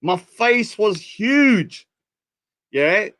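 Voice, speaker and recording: Young British man hosting a livestream, rambling and self-mocking, bright and fairly high voice. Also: very animated, drawn-out words. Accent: British English. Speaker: livestream host. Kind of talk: casual livestream chat.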